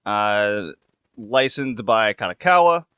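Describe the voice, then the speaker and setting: A man's voice: on the low side, expressive, slow, pushed and bright, clear, resonant tone, no echo, studio quality. A man hosting a casual podcast chat, laid-back, laughing often and swearing now and then. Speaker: podcast host.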